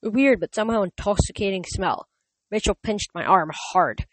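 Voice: medium pitch, moderate pace, fairly bright tone, no echo. Plain dry-sounding audiobook reader. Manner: plain reading with stumbles and self-corrections. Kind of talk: casual amateur audiobook narration.

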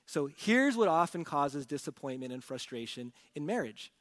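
A high-pitched man preaching a sermon, pressing his points with rhetorical questions and swinging from loud bursts to quiet asides. His voice carries a long reverb from a large church sanctuary. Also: big pitch swings, moderate pace. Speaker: pastor.

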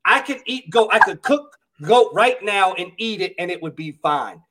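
A young man co-hosts a podcast, teasing the guest in casual chat. His voice is high for a man and swings widely in pitch. He is crude and animated. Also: normal speed. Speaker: podcast co-host.

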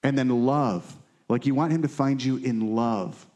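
A man's voice: mid-range voice, measured pace, darkish tone. A married man preaching a sermon to his congregation, conversational and often checking in with his listeners. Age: adult, married. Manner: conversational preaching, frequent "right?" check-ins. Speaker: pastor.

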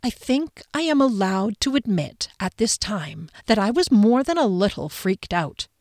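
A woman's voice: medium pitch, very animated, unhurried, a little mellow, no room sound. Woman narrating an audiobook, dry. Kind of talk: first-person audiobook narration.

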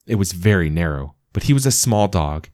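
A man narrating a storybook aloud in a measured storytelling manner. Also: low-pitched, lively intonation, a little mellow, no echo, studio quality. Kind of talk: scripted narration.

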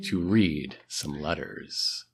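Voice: a bass voice, takes it slowly, loud music behind the voice. A podcast co-host in casual chat who cracks wry jokes and muses reflectively. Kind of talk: casual chat with jokey asides.

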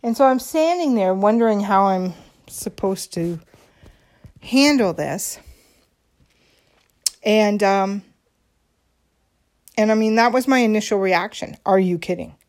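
This podcast host, a woman, speaks at medium pitch with a darkish tone, slowly and with many pauses. She tells a personal story in a candid, confiding way, full of ums and restarts.

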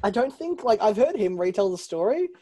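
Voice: medium pitch, big pitch swings, a little fast, mellow. Dry, teasing podcast co-host. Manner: dry, teasing, lots of likes and ums. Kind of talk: casual chat.

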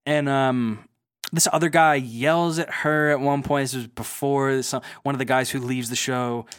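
An animated man recapping a reality show in casual chat, breaking into mocking impressions as he goes. His voice sits in the middle range. The sound is close and dry, with no room echo. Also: mid-range voice, normal speed, smooth. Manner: animated storytelling, slips into mocking voices of people he quotes. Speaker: podcast co-host.

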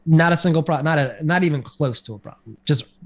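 A man with a slightly high voice, talking a little fast, casually recaps a TV episode on a podcast. His retelling rambles and is packed with fillers, like a casual chat.

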